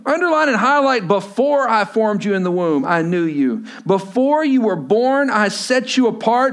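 A man's voice: high voice, lively intonation, moderate pace, few pauses. A man preaching a sermon to his congregation, talking conversationally and asking them questions. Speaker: pastor.

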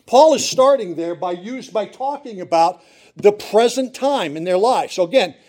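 A man's voice: high voice, lively intonation, normal speed, darkish tone. A middle-aged male pastor preaching a sermon in church, earnest and pleading, repeating words for emphasis.

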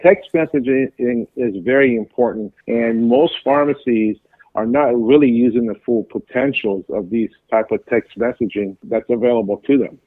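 A man talking as a guest in an interview, explaining at length with halting speech, frequent fillers and restarts. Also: medium pitch, no echo. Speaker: pharmacy business guest. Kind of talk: casual interview chat. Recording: tinny phone line.

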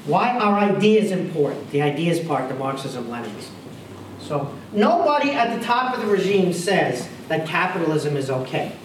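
Very animated and on the high side, a man delivers a university history lecture at normal speed, emphatically repeating key phrases and rattling off rhetorical questions. Captured from afar in a roomy lecture hall, the recording carries slight background noise.

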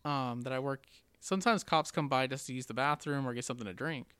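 A man talking in relaxed casual chat as a podcast guest, swearing casually and using fillers. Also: mid-range voice, quick pace, clear, resonant tone, dry recording.

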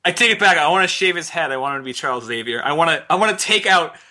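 Bright-voiced laughing male podcast co-host. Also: fairly high pitch, racing. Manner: laughs often, animated and joking. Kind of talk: casual chat.

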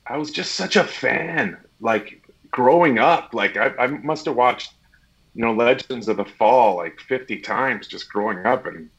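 A man's voice: mid-range voice, unhurried, highs cut off. A man, an actor, chatting as a guest in an interview and acting out the dialogue in his stories. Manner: animated storyteller, acts out quoted dialogue. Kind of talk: casual interview chat.

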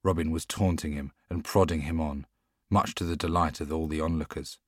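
A man narrating an audiobook in a measured, steady storytelling manner. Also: a bass voice, no echo, clean studio sound. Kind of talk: scripted narration.

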